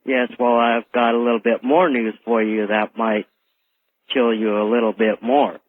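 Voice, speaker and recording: Quiet, hesitant man on a phone line. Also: medium pitch, flat delivery, moderate pace, a little hiss or hum. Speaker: caller. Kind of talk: phone call to a radio show.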